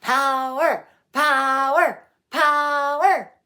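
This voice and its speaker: Crude, bossy Bigfoot stepsisters, as a woman puts them on, bellowing in broken caveman speech. The voice sits higher and louder than a plain reading. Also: lively intonation, drawn-out words, heavily acted. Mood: chanting.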